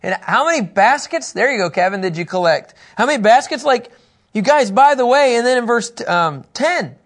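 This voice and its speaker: A man teaching a Bible lesson in a room, animated and joking, acting out little scenes and talking with people in the room. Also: extremely high pitch, normal speed.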